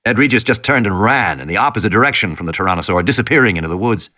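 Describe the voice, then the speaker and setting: Animated male storyteller, bright tone, big pitch swings, dramatic reading. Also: very fast. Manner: dramatic, rises and falls with the tension. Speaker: audiobook reader. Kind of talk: dramatic audiobook narration.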